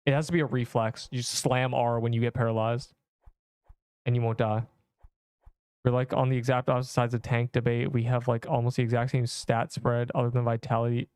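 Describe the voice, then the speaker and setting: A man's voice: mid-range voice, level tone, a little fast, a little mellow, clear, resonant tone, no echo, clean studio sound. A man in his twenties livestreaming a game, chatting casually and rambling as he reads chat messages aloud.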